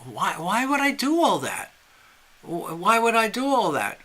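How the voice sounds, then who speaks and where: A man voicing a content older male fisherman who answers in a calm, simple, unbothered way within a spoken parable. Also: mid-range voice, fast talker, voice pushed down.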